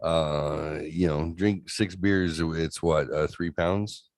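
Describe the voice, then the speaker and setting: Low-voiced man, blunt and swearing. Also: fairly even intonation, slow pace, a little mellow, no room sound, clean studio sound. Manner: blunt, swears freely, acts out quoted voices. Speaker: co-host. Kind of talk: casual podcast chat.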